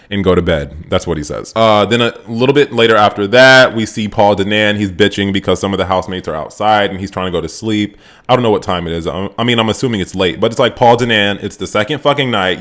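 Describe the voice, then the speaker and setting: A man with a low-pitched voice recaps a reality show episode casually, sarcastic and animated. He swears freely, and his voice jumps up whenever excitement hits.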